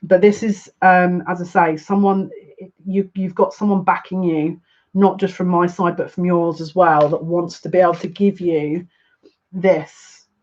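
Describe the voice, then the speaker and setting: A woman's voice: fairly low pitch, level tone, measured pace, a little mellow, muffled recording. A woman giving a live-stream tarot reading, chatty and emotional, talking back to viewer comments. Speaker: psychic reader.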